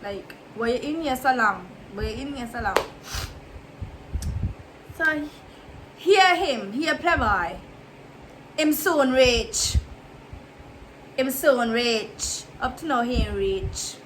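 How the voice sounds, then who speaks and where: Woman vlogger, casual storytime delivery, chatty and emphatic, fairly high and bright. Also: lively intonation, takes it slowly, long pauses, slight background noise, low-quality recording. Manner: chatty, repetitive, emphatic storytelling with asides to viewers.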